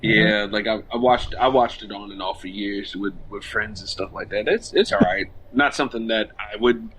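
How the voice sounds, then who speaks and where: A man's voice: lowish voice, normal speed, fairly bright tone, a little hiss or hum, low-quality recording. A man guesting on a podcast who banters crudely and laughs a lot. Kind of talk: casual podcast chat.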